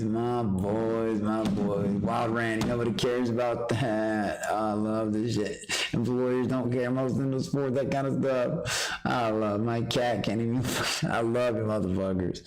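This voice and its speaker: A man's voice: mid-range voice, darkish tone, poor audio. A man streaming live, ranting in a rambling, boastful way and trash-talking profanely. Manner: rambling with restarts. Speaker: livestreamer. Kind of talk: rambling livestream rant.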